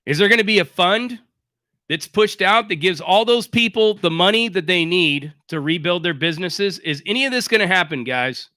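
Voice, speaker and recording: A high, bright-voiced man holds forth on a livestream, blunt and sarcastic, swearing freely. The sound is dry and close, with no room around him. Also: expressive, moderate pace, no echo. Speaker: livestream host. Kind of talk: casual livestream rant.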